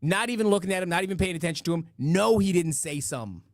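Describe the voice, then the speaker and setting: A middle-aged man hosts a live-stream show in a loose, rambling way, full of restarts and asides. His voice sits a little high for a man. The sound is dry, with no room echo. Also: expressive, fast talker. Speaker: podcast host reading donations and chat. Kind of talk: casual live-stream chat.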